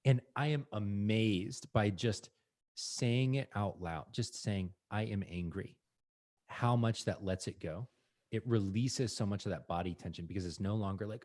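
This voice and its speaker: An earnest man speaks on a podcast in a fairly low voice. He acts out his own inner thoughts as he explains them. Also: unhurried, a little mellow. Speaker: podcast co-host. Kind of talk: casual conversation.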